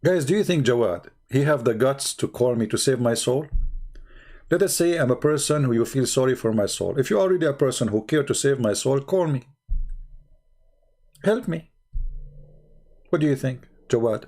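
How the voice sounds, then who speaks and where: A man's voice: mid-range voice, lively intonation, moderate pace, long pauses, a little mellow. A man hosting a livestream, mocking and taunting a critic with repeated rhetorical questions as he talks to viewers. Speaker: online debate host. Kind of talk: livestream commentary addressing viewers.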